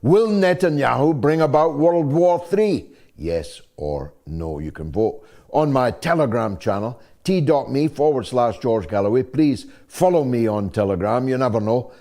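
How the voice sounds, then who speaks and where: An older man hosts a live-streamed talk show with a fervent, oratorical and wry delivery. His voice sits low and sounds dark and mellow. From Scotland. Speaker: show host.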